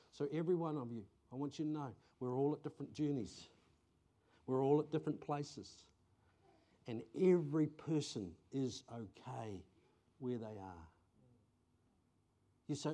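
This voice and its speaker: Aussie pastor guy, chatty sermon, gets excited then goes quiet, middle-aged. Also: mid-range voice, normal speed, pauses often. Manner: conversational, animated storytelling with bursts of excitement.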